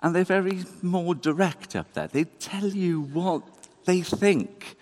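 A man giving a conversational, animated sermon in a church. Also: high-pitched, slow pace. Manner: conversational, animated, self-deprecating. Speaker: preacher.

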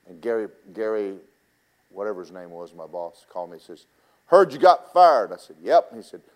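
A man's voice: low voice, a little fast, dark tone. Folksy preacher man. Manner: folksy, teasing, talks straight to the congregation. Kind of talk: sermon with personal stories.

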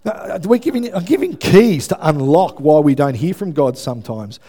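A man's voice: a little high, sing-song, normal speed. A man, a pastor preaching a sermon to a congregation, emphatic and often checking in with listeners. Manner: emphatic, building to loud preaching, asks the congregation for responses. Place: church before a congregation.

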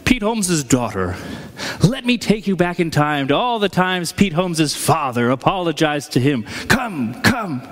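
A man's voice: on the high side, big pitch swings, unhurried, a bit bright. A man voicing a solemn Dickensian ghost who beckons someone to follow him. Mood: beckoning. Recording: echoey hall.

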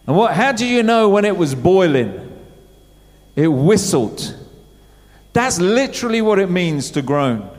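A man's voice: high voice, very animated, unhurried, long pauses. A middle-aged man preaching a sermon in church, talking in a conversational way and putting questions to the congregation. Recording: church hall with long reverb.

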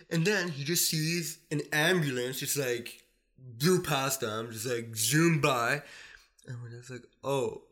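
A man's voice: mid-range voice, a little slow, a bit bright. Rambling man telling a story, "like" every few words. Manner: rambling storyteller, says "like" constantly, acts out family voices. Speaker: podcast guest. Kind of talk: casual storytelling.

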